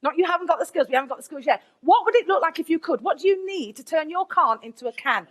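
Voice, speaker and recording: A woman, a teacher giving a candid, lively conference keynote with asides to the audience. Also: very high-pitched, fast talker. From England, Nottingham.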